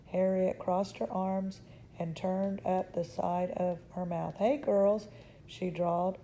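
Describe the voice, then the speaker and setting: A woman reading a children's chapter book aloud in a calm, measured way. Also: on the low side, slight background noise. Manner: calm, measured, occasional restarts.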